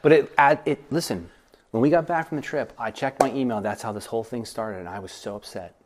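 Middle-aged male pastor, mid-range voice, lively informal teaching in a church, self-deprecating, slips into acted voices. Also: medium pitch, a little fast. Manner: animated, self-deprecating, acts out quoted voices. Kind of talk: informal Bible study teaching.

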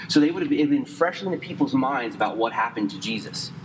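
A man preaching a sermon conversationally, quick in places and slow and emphatic in others, saying he is losing his voice. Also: mid-range voice, lively intonation, long reverb tail, background noise. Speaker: pastor.

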